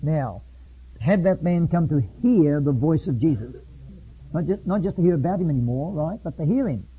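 A man preaching a sermon, reading passages aloud slowly and solemnly, then explaining in his own words with some restarts. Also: fairly high pitch, lively intonation. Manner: reads slowly and solemnly, then speaks freely with repeats. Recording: phone-like lo-fi line.

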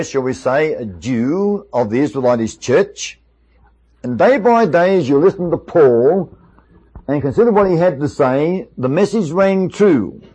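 A man's voice: fairly high pitch, a little mellow, husky. A male preacher giving a sermon, asking his listeners one rhetorical question after another. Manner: many rhetorical questions to the audience.

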